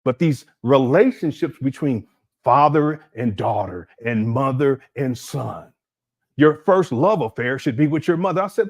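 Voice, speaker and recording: Animated man ranting on a livestream. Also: medium pitch, measured pace. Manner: animated, incredulous, rambling with restarts. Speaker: livestream commentator.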